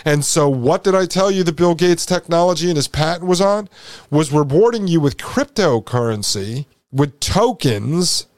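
A man's voice: a little high, a little mellow, dry recording, clean studio sound. A man hosting a podcast, commenting over a played video in an emphatic, insistent, repetitive way. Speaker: podcast host.

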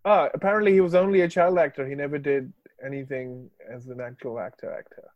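A man's voice: on the high side, fairly even intonation, quick pace, dry recording, highs cut off. A man in a casual film chat, laid-back, reading out facts he looked up.

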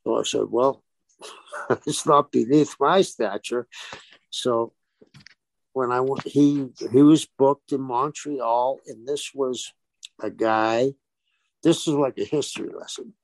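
Ex-wrestler guy telling a story, rough fry in his voice, does all the quotes himself. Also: medium pitch, slow pace, pauses often, no echo. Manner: animated storyteller who acts out quoted dialogue. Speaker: guest, former pro wrestler. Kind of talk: casual storytelling interview.

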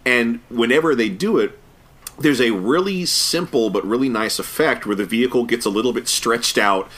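A man co-hosting a podcast, chatting casually about an animated episode in a thoughtful way with frequent fillers and restarts. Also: mid-range voice, normal speed. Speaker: podcast co-host. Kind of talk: casual review chat.

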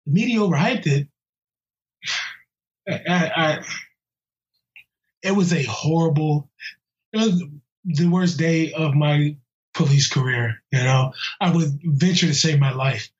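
A police officer being interviewed in a casual way, talking bluntly and heatedly with slang and halting restarts. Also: male voice, fairly high pitch. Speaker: police officer interviewed about a violent attack. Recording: muffled lo-fi audio.

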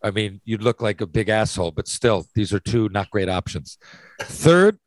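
A man's voice: fairly low pitch, animated, moderate pace, no echo, rough recording. A man hosting a casual chat, posing hypothetical questions with lots of restarts and swearing. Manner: rambling, restarts, profane. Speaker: podcast host.

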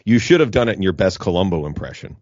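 A man's voice: sits low, expressive, quick pace, darkish tone, dry recording. A man from Canada co-hosting a casual podcast, joking at his own expense. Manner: self-deprecating, joking. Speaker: podcast co-host. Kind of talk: casual chat. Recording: dull lo-fi audio.

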